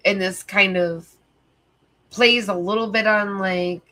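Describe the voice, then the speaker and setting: A woman's voice: medium pitch, fairly even intonation, takes it slowly, bright, forceful tone. A tired woman hosting a livestream, chatting casually with viewers in a rambling way, full of fillers and swearing. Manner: rambling, filler-heavy, profane. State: sleepy, tired. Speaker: livestream host.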